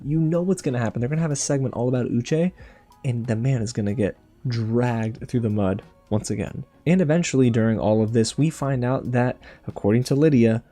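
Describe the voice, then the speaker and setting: Mellow-voiced gossipy male recap host. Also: mid-range voice. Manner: animated, gossipy, laughs often. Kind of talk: casual review monologue.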